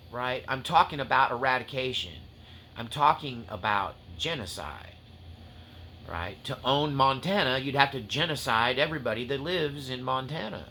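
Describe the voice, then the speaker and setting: A man's voice: medium pitch, a little hiss or hum. A man preaching on spiritual warfare, talking with passionate fervor that swings to loose joking asides. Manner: impassioned, rising to near-shouts and tearful intensity, then joking asides. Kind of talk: fiery spiritual-warfare teaching.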